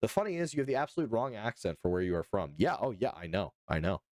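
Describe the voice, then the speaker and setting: A man's voice: on the low side, very animated, fast talker, darkish tone, no room sound, clean studio sound. A man from Georgia streaming live, reacting casually to news and joking back and forth with his viewers. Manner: jokey, playfully indignant, addresses chat directly.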